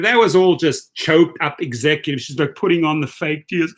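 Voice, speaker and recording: A man hosts a live stream with a fairly high speaking voice, reading viewer comments one after another. He talks bluntly and turns indignant, hammering the same point again and again. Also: normal speed, hardly any pauses. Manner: indignant, blunt, repeats himself for emphasis.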